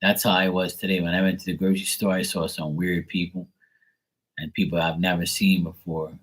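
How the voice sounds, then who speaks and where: Speaking fairly quickly in a deep, level voice with a fairly bright tone, a male tarot reader chats loosely on his livestream. He rambles, swears, and leans heavily on fillers, and the recording is rough.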